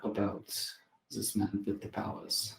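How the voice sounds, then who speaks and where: A player voicing a wary, suspicious character whose put-on German accent keeps drifting into French, speaking slowly and formally with hesitations. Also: roomy sound, lightly acted. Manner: slow, measured, formal speech with hesitations. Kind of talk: tabletop role-play in character.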